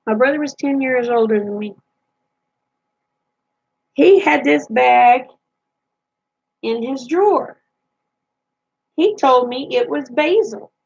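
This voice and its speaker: A woman with a high, slightly husky voice, spinning folksy childhood stories in a chatty way. The recording sounds dull and lo-fi. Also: slow pace, long pauses, darkish tone. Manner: folksy, chatty, laughs at her own stories. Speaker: vlogger. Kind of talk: casual storytelling.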